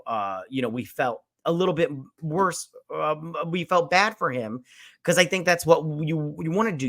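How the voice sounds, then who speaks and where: A man hosting a casual spoiler movie review, rambling and profane, full of fillers, who acts out lines with sudden jumps in pitch and loudness.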